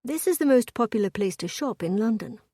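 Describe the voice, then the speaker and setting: A woman voicing a young viscount who speaks quietly and firmly, in a storybook reading. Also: on the high side, expressive, brisk, dry recording, clean studio sound. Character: gallant young viscount husband, firm.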